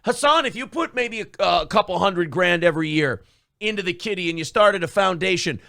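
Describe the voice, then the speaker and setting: A man's voice: high-pitched, lively intonation, a little fast, creaky. Brash, sarcastic man ranting on a talk show. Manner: sarcastic, mocking, often mimics others in shouted voices. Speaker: radio show co-host. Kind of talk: profane comedic talk-show rant.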